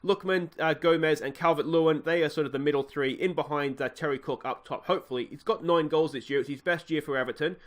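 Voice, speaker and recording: Australian man, let's play commentator, slightly high voice, relaxed and chatty. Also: fast talker, few pauses. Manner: chatty, easygoing, lots of ums and uhs. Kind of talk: video game commentary.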